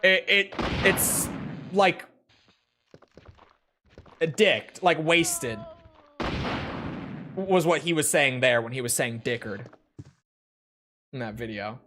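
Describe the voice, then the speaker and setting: A man's voice: mid-range voice, slow pace, pauses often, noisy background. A young man from Minnesota, streaming a game from his room and chatting with viewers in a rambling, profane, joking way. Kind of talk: casual chat with viewers while gaming.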